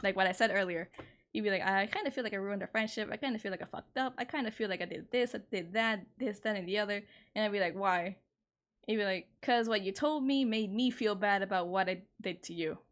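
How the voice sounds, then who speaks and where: Talking a little fast, a young woman in her twenties tells a personal story on her home stream. The chat is casual, candid, and exasperated, full of swearing, with her pitch shooting up as indignation hits.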